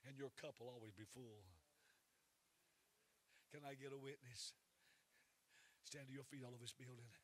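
A man preaching a sermon, swinging between loud fervent prayer and casual joking asides. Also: medium pitch, fairly even intonation, normal speed, long pauses, a little hiss or hum. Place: church sanctuary.

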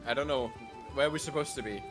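A man playing a video game with friends, quickly directing the crew. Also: medium pitch, soft background music. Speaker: gaming friend. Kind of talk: casual gaming chat.

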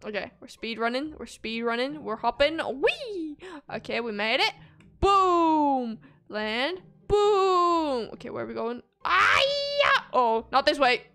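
Squealy excitable woman, lively high voice. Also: takes it slowly. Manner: excitable, squealing and gasping at each obstacle. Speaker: gaming video creator. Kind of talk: playthrough commentary.

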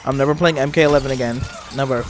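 A gaming streamer reacting live to a fighting game, with loud, profane trash talk and sudden high squeals. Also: steady tone, racing.

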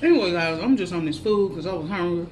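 A woman's voice: fairly low pitch, quick pace, a little hiss or hum. A woman in a casual eating vlog, chatting to viewers between bites and humming as she chews. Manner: laughs at herself, animated shout-outs to viewers. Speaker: mukbang vlogger.

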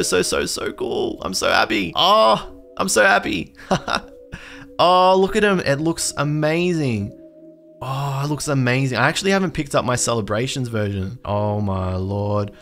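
A man in casual unboxing chat, talking in a rambling, chatty way and gushing excitedly over his finds. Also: fairly low pitch. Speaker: card collector host.

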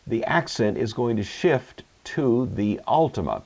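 A man teaching a recorded Greek grammar lecture, measured and explanatory, with occasional fillers. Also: medium pitch, lively intonation, a little mellow.

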